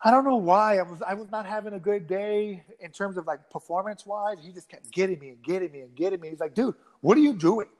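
A man in his thirties telling a rambling, animated story in a casual interview, acting out quotes with many restarts. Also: high-pitched, fast talker, few pauses. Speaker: guest fighter.

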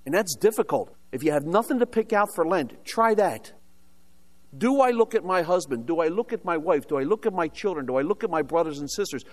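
Older American man preaching, rather high voice. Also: expressive, fairly quick. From United States. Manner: storytelling, humorous asides, rhetorical questions. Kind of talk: sermon with personal testimony.

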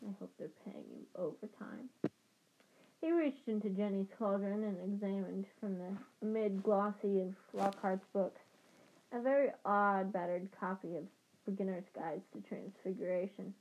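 Amateur female reader, mid-pitched, halting delivery with restarts; muffled, lo-fi recording. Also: slight background noise. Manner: halting, rereads stumbles. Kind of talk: reading a novel chapter aloud.

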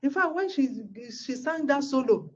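A woman's voice: high voice, animated, normal speed, lo-fi sound. A woman pastor, telling a personal testimony in a sermon with exclamations and repeated words.

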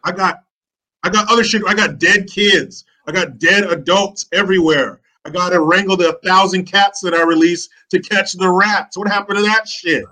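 A man's voice: high-pitched, fairly even intonation, moderate pace, bright, forceful tone, poor audio. A man talking as a guest on a podcast, ranting in a profane, mocking way. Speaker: podcast guest, online commentator. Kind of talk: casual podcast chat.

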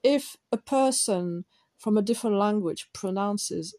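French woman, English as second language, warm darker voice, rambling self-deprecating solo podcast talk. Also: mid-range voice, measured pace. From France. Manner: digressive, self-deprecating, thinking aloud. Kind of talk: casual rambling monologue.

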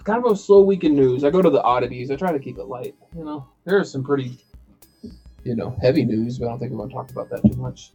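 A man's voice: mid-range voice, fast talker, vocal fry, warm tone, dull audio. A man hosting a casual podcast chat, rambling with many fillers and restarts. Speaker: podcast host. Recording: faint bed music behind.

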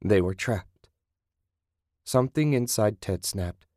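A man with a low voice reads a gory horror story in a steady, measured way. The recording is dry and close, with no room sound. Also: dry recording. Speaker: narrator. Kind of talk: scripted horror audiobook narration.

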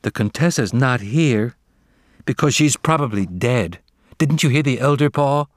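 A man reading aloud gives a small outcast tomcat kitten in a storybook, quiet and defiant, close to his own reading voice. The sound is dry and near. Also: medium pitch, expressive, unhurried, dry recording, voice pushed up, lightly acted.

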